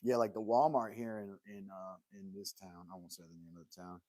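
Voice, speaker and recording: A man's voice: low voice, brisk, dark tone, no echo. A man hosting a casual live stream from his workshop, joking and rambling as he talks straight to his viewers, laughing often. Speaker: livestream host. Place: home woodworking workshop.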